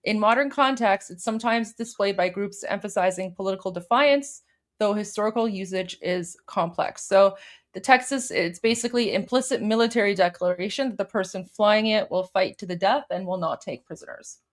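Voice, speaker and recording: A woman co-hosting a live political stream, playful and self-deprecating in quick asides. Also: mid-range voice. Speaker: co-host.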